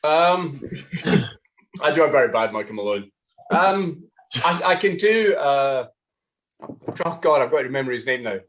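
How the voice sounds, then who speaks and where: A man's voice: on the high side, lively intonation, measured pace, pauses often, fairly bright tone. A man guesting on a live panel podcast, hesitant and sheepish with a dry wit. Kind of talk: casual panel chat.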